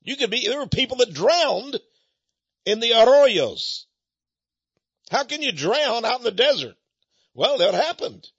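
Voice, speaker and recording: A man's voice: extremely high pitch, sing-song, measured pace, long pauses, a bit bright, husky, no echo, muffled recording. An older American man giving a folksy, indignant monologue, like a radio host selling goods and ranting about money. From United States.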